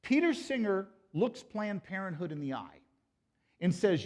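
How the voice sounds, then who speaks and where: A man speaks to a live conference audience in a fairly high, lively voice. He lectures with energy, quizzes the crowd and drops in jokes between his points. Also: measured pace. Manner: animated, joking with the audience. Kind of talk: pro-life apologetics lecture.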